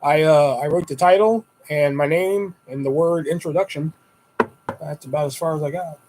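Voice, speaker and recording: A young man with a high, light voice hosts a casual livestream, chatting to viewers through a desktop mic. He rambles and swears freely, and his voice leaps up whenever he acts out what he said in a story. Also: moderate pace, a little hiss or hum, poor audio. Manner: animated retelling with high-pitched quoted exclamations. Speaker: livestream host. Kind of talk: casual live-stream chat.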